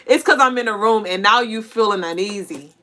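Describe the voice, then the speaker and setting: A woman's voice: medium pitch, fairly quick, pushed and bright. A woman hosting a casual collective intuitive reading, talking bluntly and animatedly to listeners, with plenty of cursing and laughter. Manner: addresses listeners directly as y'all and collective. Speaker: spiritual reader and podcast host.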